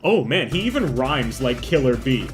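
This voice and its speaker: A man's voice: sing-song, normal speed, faint music behind, natural voice. A man doing a rhyming, boastful monster. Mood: menacing. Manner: exaggerated, raised pitch, rhyming taunts.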